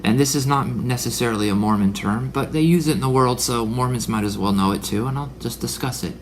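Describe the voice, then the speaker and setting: A religious speaker, a man in his forties, delivers a dramatic preaching monologue in a mid-range voice at a fairly quick pace, sometimes dropping into whispered asides. A little hiss or hum is audible.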